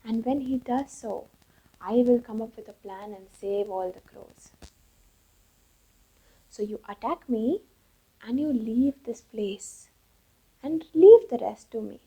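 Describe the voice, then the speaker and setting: A wise old crow minister lays out his plan calmly and slowly, voiced by a woman. The voice is husky and dark. The recording is dull and lo-fi. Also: fairly high pitch, heavily acted. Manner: calm, measured, conspiratorial.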